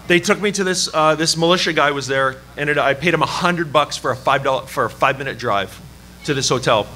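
A man from Canada preaching a sermon, telling a personal story in an animated, self-deprecating way with laughs. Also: fairly high pitch, brisk, a little hiss or hum. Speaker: pastor. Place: church service.

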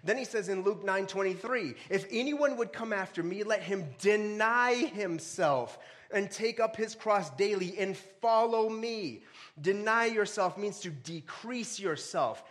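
Male pastor, high voice, casual joking sermon, reads verses, bursts into loud calls. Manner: casual, joking preaching with sudden loud rises; reads scripture aloud between asides.

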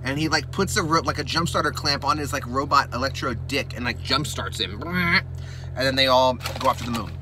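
A man rambling through a movie recap while his mouth burns from spicy chips, slipping into excited impressions. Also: medium pitch, a little fast, background noise. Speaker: mukbang host.

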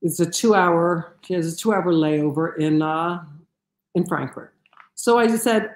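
Animated storytelling woman, lowish voice. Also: moderate pace, roomy sound. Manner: animated, with many fillers and restarts. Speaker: speaker telling a personal story. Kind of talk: storytelling talk.

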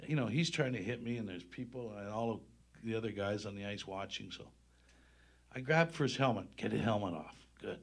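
A man recounts old hockey tales on a stage, laughing as he goes. His voice sits at an ordinary middle pitch. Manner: lively anecdotes, laughs through punchlines. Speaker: former hockey player, guest speaker. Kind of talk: animated storytelling at a live event. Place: on stage at a public event.

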